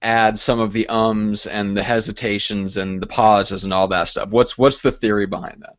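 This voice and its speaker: A co-host in casual video-call chat, asking curious follow-up questions. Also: male voice, fairly low pitch, flat delivery, normal speed, no room sound. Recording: dull lo-fi sound.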